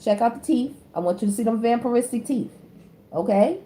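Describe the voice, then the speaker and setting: A woman giving a casual tarot reading. She talks to her viewers directly in slangy speech, jumping from loud exclamations to low muttered asides. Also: expressive, brisk. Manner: slangy, addresses the audience directly. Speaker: tarot reader. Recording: echoey room with faint background noise.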